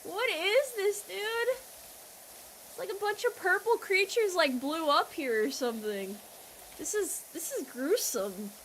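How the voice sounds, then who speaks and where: A young American woman chats with her stream audience, high and bright in pitch, loud and teasing one moment and falling to mock-quiet apologies the next. A faint hiss of noise sits under her voice. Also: expressive, measured pace. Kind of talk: casual game stream chat.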